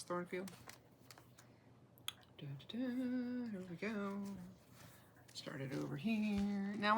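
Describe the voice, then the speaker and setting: A chatty woman shows off her stitching projects in a relaxed, self-deprecating way. Her fairly low voice has a gravelly edge. Faint noise hums behind her. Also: low-quality recording. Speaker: cross-stitch vlogger. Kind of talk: casual show-and-tell chat.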